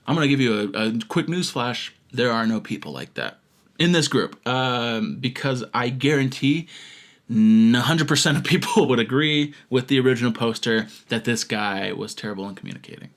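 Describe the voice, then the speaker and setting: A filmmaker vlogger reads out comments in a comedic rant, mocking them with sarcastic asides and laughter. His mid-range voice is animated and a bit bright, at a moderate pace.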